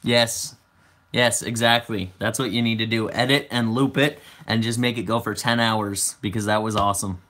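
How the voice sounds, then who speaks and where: A man's voice: on the low side, fairly even intonation, normal speed, sharp tone. Chatty young man hosting a livestream. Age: 20s. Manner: chatty, answers viewer comments aloud. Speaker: livestream host. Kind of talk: casual livestream chat.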